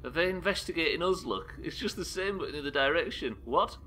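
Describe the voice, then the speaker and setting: A man from the UK streaming a game live, swearing often and reacting loudly between muttered asides. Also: a little high, expressive, fast talker, slight background noise. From United Kingdom. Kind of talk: live gameplay commentary.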